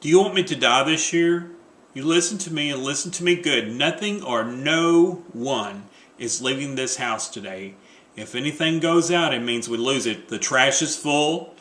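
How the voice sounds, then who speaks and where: A man's voice: medium pitch, animated, moderate pace, fairly bright tone, lightly acted. A man reading the part of a bossy, superstitious wife in a play, scolding and insistent, in an echoey room. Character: bossy superstitious wife fussing over New Year rules.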